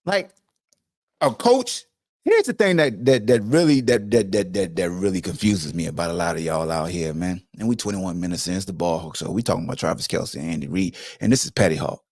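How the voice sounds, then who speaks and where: Animated cursing male sports podcast host. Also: low voice, fairly quick, dry recording, studio quality. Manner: profane, animated, lecturing. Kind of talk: casual sports commentary rant.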